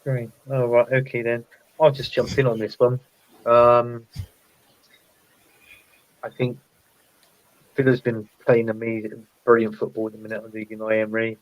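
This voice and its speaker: A man chatting casually as a football podcast panelist, thinking out loud and laughing often. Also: mid-range voice, completely flat delivery, normal speed, pauses often, dull audio. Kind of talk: casual chat.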